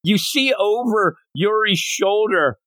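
A man hosting a casual manga discussion podcast, retelling each scene with a lot of energy. His voice sits a bit high and leaps around constantly as he pops into little character voices. The sound is close and dry, with no room around it. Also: lively intonation, takes it slowly, pushed and bright, no room sound. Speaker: podcast host.

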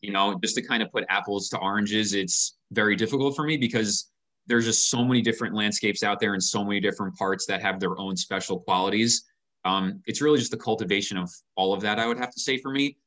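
A passionate man in a relaxed sit-down interview. His voice sits low but rings bright and forward. He talks earnestly and often doubles the first word of a thought. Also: fast talker. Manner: earnest, passionate, repeats words when starting sentences. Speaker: company founder, guest. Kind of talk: casual interview conversation.

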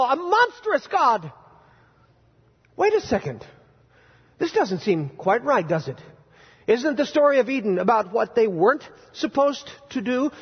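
A male pastor preaching a sermon in a church, animated and quizzing his congregation with playful sarcasm. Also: extremely high pitch, slightly rough. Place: church sanctuary. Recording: dull, reverberant church hall recording.

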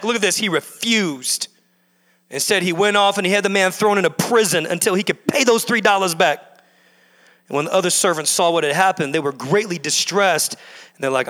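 A male pastor delivers a sermon in a high, bright, forceful voice. He hammers his points through repetition, building in bursts. His voice rings out with a long reverb from the church hall. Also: fairly quick. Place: church sanctuary.

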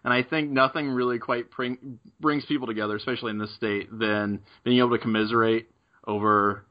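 A man's voice: medium pitch, steady tone, brisk, highs cut off. Easygoing man hosting a podcast. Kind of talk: casual podcast chat.

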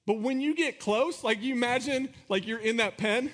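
A man preaches to his church with a high voice for a man. His delivery is loose and conversational, full of "like" and short laughs between points. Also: moderate pace, fairly bright tone. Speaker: pastor. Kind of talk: sermon.

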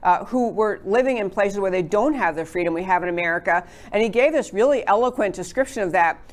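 A woman with a medium-pitched voice speaks a little fast as she hosts a political talk show. In this conservative monologue she introduces her guests, chatting and drifting into rambling asides.

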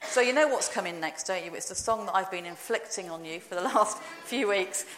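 A woman's voice: medium pitch, brisk, fairly bright tone. Woman leading a chatty church talk. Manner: chatty and playful, quizzing the congregation. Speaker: church service leader. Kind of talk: informal all-age talk in a church service. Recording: roomy church echo.

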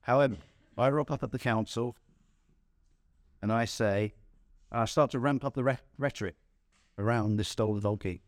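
A man's voice: medium pitch, normal speed, pauses often, no echo, clean studio sound. A man giving a sermon, telling a playful story in the first person and chuckling at his own jokes. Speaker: preacher.

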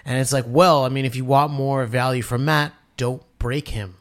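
A man's voice: medium pitch, steady tone, normal speed. Thoughtful, hesitant male podcast co-host. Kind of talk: casual chat.

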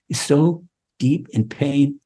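A husky man gives an impassioned Torah lesson as a rabbi. He repeats his key phrases over and over, and his voice climbs higher as he presses each point. The delivery is fervent and earnest. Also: slow pace, dark tone. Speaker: rabbi teaching a weekly class.

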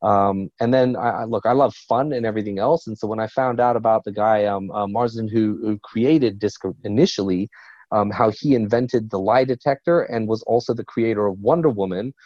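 A man being a quick, animated business coach. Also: lowish voice, no echo, lo-fi sound. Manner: energetic, quick-talking, animated storyteller. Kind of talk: podcast interview.

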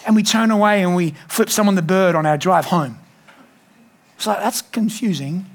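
A high-pitched man preaches in a church hall. He builds to emphatic, animated bursts, then drops into quick jokey asides. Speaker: pastor. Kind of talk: sermon.

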